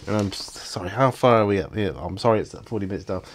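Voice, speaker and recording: A man's voice: fairly low pitch, fast, slight background noise. A man hosting a solo question-and-answer vlog. He reads out each question, then answers it himself in a casual, reflective way. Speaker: channel host.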